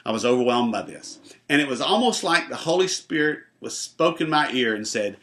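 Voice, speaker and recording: A man, a pastor, telling a personal testimony in an animated way and acting out the voices in his story. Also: mid-range voice, fairly quick.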